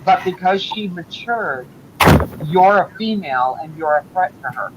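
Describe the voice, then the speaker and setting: A man in casual chat as a guest, calmly offering advice. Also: high voice, normal speed, dull audio, heavy background noise.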